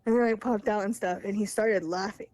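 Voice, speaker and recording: A woman's voice: medium pitch, fairly even intonation, fairly quick, darkish tone, no room sound. Candid young woman telling her story. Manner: candid, rambling, laughs between phrases. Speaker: caller sharing her story. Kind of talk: casual personal storytelling.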